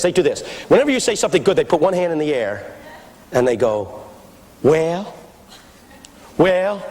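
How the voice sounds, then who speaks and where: A man with a Philadelphia accent preaching a comic, storytelling sermon, shouting refrains to the crowd. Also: on the high side. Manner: animated, shouting refrains, audience laughter. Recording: echoey hall with faint noise.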